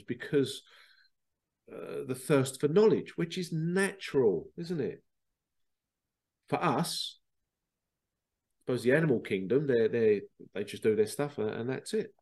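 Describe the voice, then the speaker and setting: A man's voice: mid-range voice, unhurried, darkish tone. A man hosting a solo podcast, rambling along, repeating words and asking rhetorical questions. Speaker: podcast host. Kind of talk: casual solo podcast monologue.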